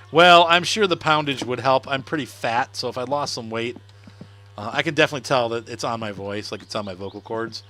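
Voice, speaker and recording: A man's voice: medium pitch, moderate pace, long pauses, pushed and bright. A middle-aged man chatting casually on a game livestream, laughing often and answering viewer comments. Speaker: gaming livestreamer. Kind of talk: casual live-stream chat while playing.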